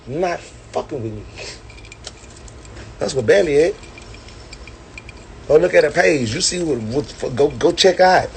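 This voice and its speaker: A man's voice: a little high, expressive, unhurried, long pauses, slight background noise. Brash swaggering man ranting on a phone. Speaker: livestreamer. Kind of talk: boastful profane rant. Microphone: phone on a livestream.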